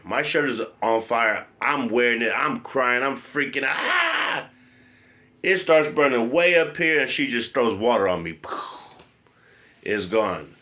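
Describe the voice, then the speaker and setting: A man's voice: medium pitch, bright, forceful tone. Blunt, profane man telling a story. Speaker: vlogger. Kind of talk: casual personal storytelling.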